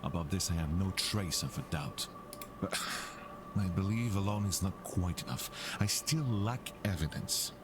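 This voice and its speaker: A man's voice: sits low, a little slow, over music. An actor playing a scheming male investigator who speaks formally and persuasively. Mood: confiding.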